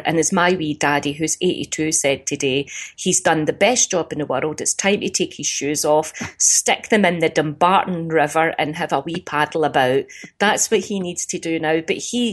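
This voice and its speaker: A woman with a strong Glaswegian Scottish accent talks with emphatic, animated energy. Her voice sits fairly low for a woman and comes down a phone line, with a comedian's knack for stories. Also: normal speed, slightly rough. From Glasgow, Scotland. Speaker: comedian guest. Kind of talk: phone interview.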